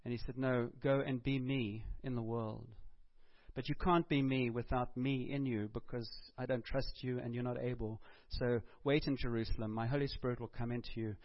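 A man preaching a sermon to a congregation in a church hall, conversational and animated, bantering with the crowd. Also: mid-range voice, normal speed, lo-fi sound. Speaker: pastor.

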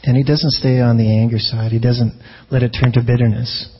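A man's voice: mid-range voice, little pitch movement, brisk, slightly rough, dull audio. A man preaching a sermon as a pastor in a conversational way, often restarting phrases and asking rhetorical questions.

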